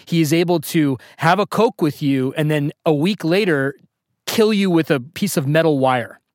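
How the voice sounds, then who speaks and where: A man's voice: fairly high pitch, moderate pace, a little mellow, no room sound, studio quality. A man hosting a podcast interview, enthusiastic and affirming toward his guest. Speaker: podcast host. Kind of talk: interview questions.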